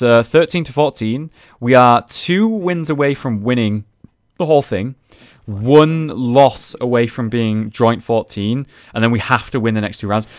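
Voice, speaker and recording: A man's voice: medium pitch, no echo, studio quality. A young man chatting casually over gameplay footage, recapping rounds and swearing freely. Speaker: gaming video host.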